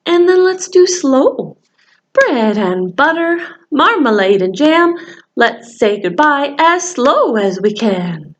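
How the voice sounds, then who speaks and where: A woman librarian leading a children's story time, reading aloud with lively expression and singing a simple goodbye song. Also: sits high, slow pace, lo-fi sound. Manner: animated storytelling, sings a call-and-response song.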